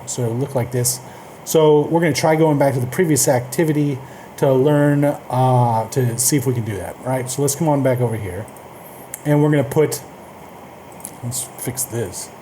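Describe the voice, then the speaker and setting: A man's voice: mid-range voice, normal speed, warm tone, a little hiss or hum. A man teaching a casual coding lesson, reading documentation aloud with loose, chatty asides. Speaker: coding tutorial host.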